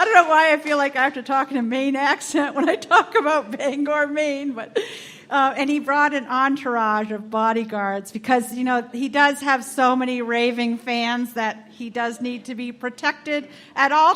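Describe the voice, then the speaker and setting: A woman's voice: high-pitched, moderate pace, fairly bright tone. A woman hosting a live podcast event, speaking to an audience in a room with a microphone, bubbly and often laughing. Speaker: podcast host. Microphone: handheld microphone.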